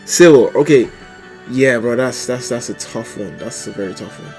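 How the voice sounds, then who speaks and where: A young man streaming live, chatting casually and animatedly, with sudden loud outbursts and laughter between mumbled asides. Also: medium pitch, moderate pace, faint music behind. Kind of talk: casual livestream chat.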